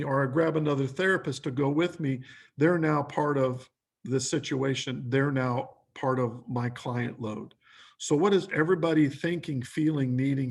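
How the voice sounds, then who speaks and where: A man's voice: mid-range voice, vocal fry, breathy edge. A man giving a training lecture who talks in lists of short questions and acts out quoted lines.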